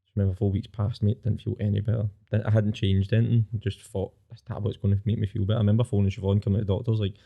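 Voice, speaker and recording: A Scottish man in his twenties telling his own story candidly as a podcast guest, plain-spoken and rapid. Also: on the low side, level tone, gravelly, narrow, tinny audio.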